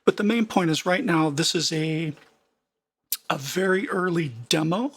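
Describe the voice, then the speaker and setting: A man's voice: on the high side, a little slow, a bit bright, husky. A man giving a screen-share music production tutorial, conversational and emphatic, with frequent fillers and restarts.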